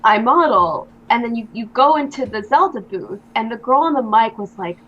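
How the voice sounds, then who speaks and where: A woman's voice: on the high side, animated, moderate pace, fairly bright tone, lo-fi sound. A young woman guest in an interview, chatting casually and telling stories with many fillers. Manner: chatty storyteller, lots of likes and ums.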